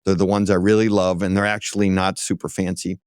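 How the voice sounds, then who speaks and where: A man, an auto executive, is a guest on an interview show, telling lively stories and acting out other people's voices. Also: deep voice, a little fast, clean tone, dry recording, studio quality. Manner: lively anecdote-teller who acts out other voices. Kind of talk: casual interview storytelling.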